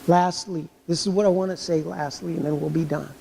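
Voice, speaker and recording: A man's voice: fairly high pitch, steady tone, brisk, gravelly, warm tone, slight background noise. A male pastor preaching a sermon in a church, driving points home with rhetorical questions and acting out inner voices. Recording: long hall reverb.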